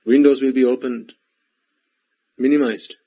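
A man preaches a sermon in a husky voice, hammering his points home through repetition and direct questions to the listeners. The recording is dull and lo-fi. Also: medium pitch, steady tone, measured pace.

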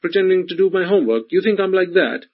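A man's voice: high voice, expressive, fast, pitched above the performer's own voice. A man mimicking an indignant, whiny child. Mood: offended. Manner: whiny, aggrieved, stammering. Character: indignant child protesting to a parent. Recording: dull lo-fi recording.

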